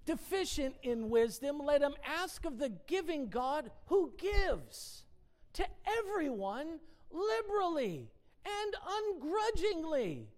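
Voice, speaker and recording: Lively woman teaching from the Bible. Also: high-pitched, slow pace. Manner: reads definitions aloud, then asks the listener rhetorical questions; emphatic, dwells on single words. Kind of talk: casual devotional Bible teaching.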